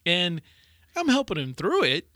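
A man in his forties, a podcast co-host telling a story in casual chat, animated and laughing often. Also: high voice, measured pace, no room sound, studio quality.

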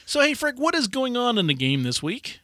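A man in his forties, a podcast co-host telling a story in casual chat, animated and laughing often. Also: very high-pitched, a little fast, dry recording, studio quality.

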